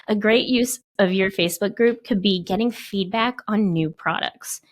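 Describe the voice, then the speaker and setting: A woman co-hosting a podcast, talking fast with a stuffed-up nose in a casual chat. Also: medium pitch. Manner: fast-talking, laughs at herself. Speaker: podcast co-host.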